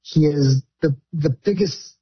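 A man's voice: a little high, unhurried, husky. Enthusiastic man film director. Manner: casual, enthusiastic, with fillers. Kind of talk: interview. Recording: dull interview audio.

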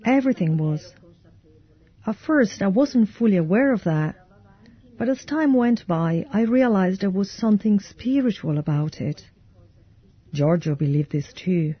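A woman giving an interpreter's voice-over, calm and measured. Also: mid-range voice, breathy edge, muffled recording. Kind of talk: translated voice-over.

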